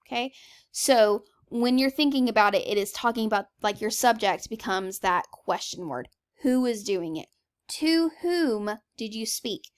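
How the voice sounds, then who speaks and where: A woman's voice: a little high, expressive, a little slow. A woman teacher giving a recorded grammar lesson. She talks in a chatty, emphatic way, with examples and frequent "okay?" check-ins.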